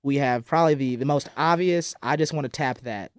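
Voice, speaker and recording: A man co-hosting a casual podcast, retelling the episode scene by scene and putting on the voices of the people in it. His voice sits at an ordinary middle pitch. It is recorded close and dry, with no room sound. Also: a little fast, clear, resonant tone, dry recording. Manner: animated storytelling, acts out quotes. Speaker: podcast co-host. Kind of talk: casual chat recapping a dating show.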